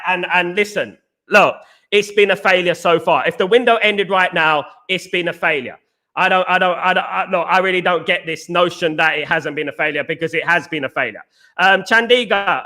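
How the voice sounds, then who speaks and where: A man's voice: high-pitched, pushed and bright. Emphatic British man hosting a live stream. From Britain. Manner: emphatic, repetitive, reads viewer comments aloud. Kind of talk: casual live-stream chat.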